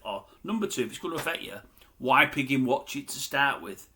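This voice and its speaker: A man's voice: fairly high pitch, sing-song, quick pace, vocal fry, bright, forceful tone. An older man, ranting bluntly to camera as a grumbling commentator. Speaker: YouTube commentator. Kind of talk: opinionated rant to camera.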